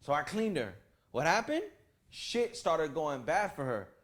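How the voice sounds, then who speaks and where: A man with a high voice records a casual storytime at home, speaking to his camera and his fans. He swears freely and drops into the voices of the people he talks about. His pitch swings up and down a lot as he goes. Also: big pitch swings, unhurried, fairly bright tone. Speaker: storytime vlogger. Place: at home, indoor room with lights rigged. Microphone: camera mic.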